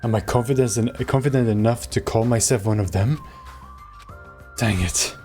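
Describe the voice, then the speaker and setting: A man's voice: mid-range voice, normal speed, mellow, soft background music, close to an everyday voice. A man voicing the reflective inner monologue of an uncertain young male student in a video game.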